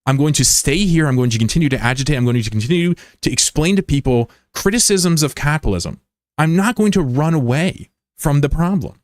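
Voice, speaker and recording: An American man livestreams and chats casually with his viewers, blunt, profane and swearing often, arguing back at critics in the chat. His voice sits a little high and sounds expressive and a little fast, captured as a clean, echo-free studio recording.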